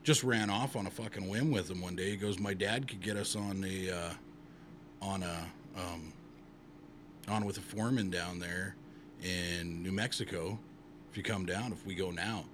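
Man from Montana, lowish voice, loose profane storyteller, slight background noise. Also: fairly even intonation, normal speed. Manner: rambling, profane, with many uh fillers. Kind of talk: casual storytelling.

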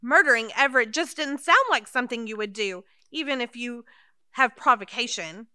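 A woman's voice: fairly high pitch, normal speed, bright, forceful tone, smooth, no room sound, clean studio sound. An actress playing Mildred, a timid, fussy elderly woman in an audio drama. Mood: relieved. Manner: fussy, anxious, flustered.

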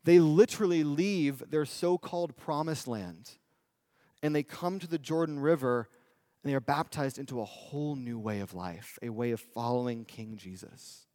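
A male preacher giving a sermon in a conversational style, often asking the audience "right?" and slowing down for emphasis. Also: mid-range voice, mellow, no echo, clean studio sound. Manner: conversational, with tag questions and emphatic slowdowns.

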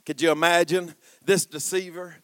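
A man preaching a sermon, swinging from quiet asides to shouted passages and calling out to the congregation. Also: fairly high pitch, level tone, normal speed, no room sound, clean studio sound. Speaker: pastor.

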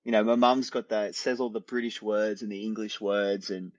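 A man's voice: lowish voice, steady tone, brisk, no echo, lo-fi sound. A man in his thirties from Australia with an Australian accent, a podcast guest chatting casually in an easygoing, rambling way. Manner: easygoing, rambling with restarts and laughs. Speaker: podcast guest, endurance athlete. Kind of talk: casual interview chat.

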